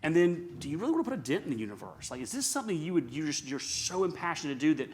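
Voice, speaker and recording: A middle-aged man from Georgia in the US, giving an energetic seminar talk full of emphatic rhetorical questions. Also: on the high side, racing, a little hiss or hum. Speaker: seminar speaker.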